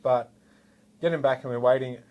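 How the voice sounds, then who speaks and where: A man's voice: mid-range voice, normal speed, dull audio. An Australian man, a former police officer, telling a story in casual chat and acting out what people said. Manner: animated, acts out quotes.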